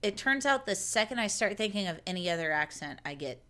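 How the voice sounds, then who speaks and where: A woman's voice: medium pitch, animated, a little fast, fairly bright tone. A woman co-hosting a podcast, chatting casually and laughing. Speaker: podcast co-host. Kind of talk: casual chat.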